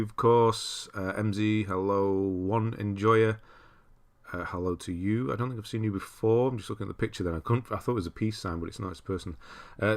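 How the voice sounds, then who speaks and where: A man's voice: fairly low pitch, fairly bright tone. A man from Britain hosting a casual livestream, chatting and greeting viewers by name. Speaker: livestream host. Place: cold room at home.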